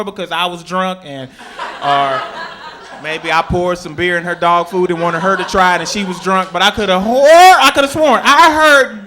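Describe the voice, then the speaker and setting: A man performing a stand-up comedy set on a club stage, telling animated stories and jumping into shrieking high voices for his characters. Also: brisk. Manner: animated storytelling, sudden high-pitched shrieks in acted quotes. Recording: live club recording with crowd laughter.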